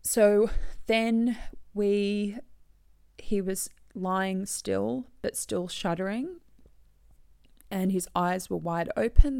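Gravelly-voiced woman, tearful and whispering. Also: on the low side, a little mellow, dry recording, clean studio sound. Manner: halting, tearful, drops to whispers. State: crying. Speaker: bereaved daughter telling her story. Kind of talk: emotional personal testimony.

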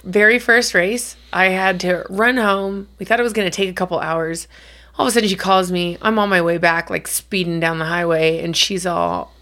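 A woman's voice: on the low side, fairly bright tone. A middle-aged woman co-hosting a podcast, telling stories in a casual, chatty way and swearing now and then. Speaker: podcast co-host. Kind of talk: casual chat.

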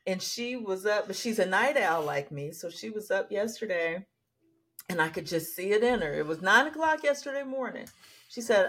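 A woman in casual podcast conversation, with a middle-pitched voice. She tells stories in a lively, emphatic way, often breaking into laughter. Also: normal speed. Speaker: podcast co-host. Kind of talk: casual chat.

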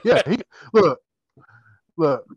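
A man's voice: a little high, very animated, slow pace, slightly rough. A man who is a guest on a podcast in casual sports chat, argumentative and laughing often. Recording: dull lo-fi sound.

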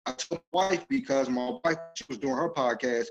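A man on a podcast panel, speaking loudly and passionately about natural speaking. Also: mid-range voice, moderate pace, lo-fi sound, over music. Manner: loud and passionate, emphatic. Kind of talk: casual group chat.

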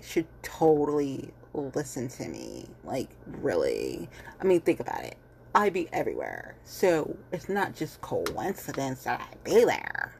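A woman's voice: deep voice, creaky, a little hiss or hum. A woman ranting bluntly and heatedly in casual commentary, cursing freely and repeating herself with lots of fillers. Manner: fillers and repetitions. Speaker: vlogger.

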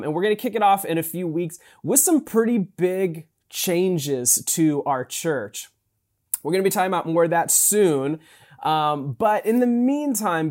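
A man preaches a sermon as a pastor. His delivery is relaxed and conversational, with ums and restarted phrases as he reads and explains scripture. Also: a little high.

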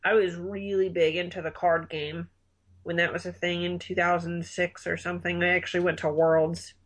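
Twenties, middle pitch, relaxed and enthusiastic casual talker. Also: normal speed, poor audio. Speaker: conversation partner. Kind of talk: casual chat.

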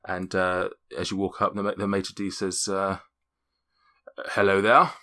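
A male game master describing a fantasy town to his players. His voice is bright and a touch low, and he narrates haltingly, with frequent fillers and restarts. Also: monotone.

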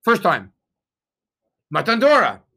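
A man's voice: high voice, slow, gravelly, slightly rough. A man, a rabbi, giving a sermon, telling stories and asking the congregation rhetorical questions, reading Hebrew verses aloud. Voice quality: Hebrew phrases read with traditional pronunciation. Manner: animated storytelling with rhetorical questions.

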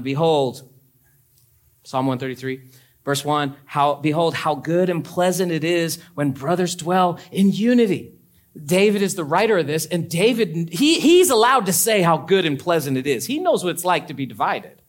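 Preaching as a pastor, a young adult man with a voice on the high side moves between easy conversation and emphatic, climbing high points.

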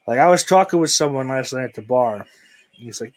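A man's voice: mid-range voice, expressive, a little fast. Profane rambling man streaming. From United States. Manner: profane, rambling, trails off into mumbles. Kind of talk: casual rambling stream chat.

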